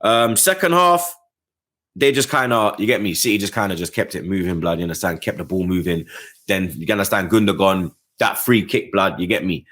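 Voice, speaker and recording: A man's voice: a little fast, a bit bright. A man giving a casual football match review, full of slang and constant asides to the listener, his voice jumping up on the points he cares about. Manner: slangy, keeps adding "blood, you get me"; passionate, rising pitch on key points. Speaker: football fan channel host.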